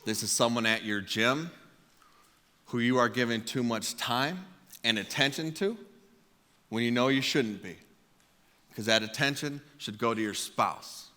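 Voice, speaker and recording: A man preaching a sermon, telling a comic personal story in an animated way with acted-out quotes, in a large church auditorium. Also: mid-range voice, unhurried, long pauses. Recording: long hall reverb.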